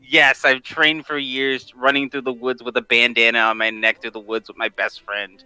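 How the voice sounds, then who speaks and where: A man's voice: medium pitch, little pitch movement, moderate pace, sharp tone, low-quality recording. A man from Washington state, chatting as a podcast guest, enthusiastic and laughing often, with stammering restarts. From Washington state, USA. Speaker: guest, tabletop content creator. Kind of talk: casual interview chat.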